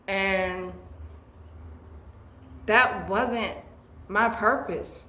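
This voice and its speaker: Speaking extremely slowly in a mid-range voice with a sharp tone, a woman gives a tarot reading and shares stories from her life. Emotional and earnest, she keeps restarting what she says, captured on a rough, reverberant recording.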